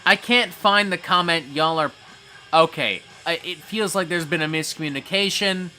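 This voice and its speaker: A man's voice: on the high side, normal speed, sharp tone, soft background music. A man hosting a casual livestream, reading chat messages aloud and reacting with frequent swearing.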